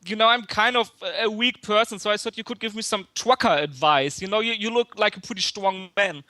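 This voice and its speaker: A man's voice: high-pitched, a little fast, bright, forceful tone, no echo. A man calling in to a chat show, stammering and repeating his words as he talks. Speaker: caller. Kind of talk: call-in chat.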